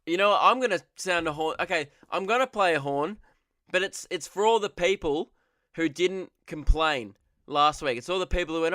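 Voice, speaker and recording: A man's voice: on the high side, a little fast, sharp tone, no echo, clean studio sound. A young man hosting his own comedy podcast, rambling and sarcastic, often laughing at his own jokes.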